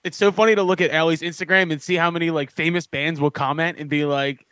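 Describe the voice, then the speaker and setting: A man's voice: on the high side, fairly even intonation, bright, forceful tone, smooth, dry recording. A man with a Philadelphia accent hosting a podcast in casual chat, swearing and laughing as he tells stories. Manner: swearing, joking, quick laughs. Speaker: podcast host.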